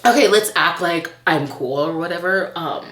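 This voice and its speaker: A woman vlogging a casual book unboxing, gushing and excitable. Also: fairly low pitch, normal speed. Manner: gushing, excitable, laughs and gasps often. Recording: echoey room with faint noise.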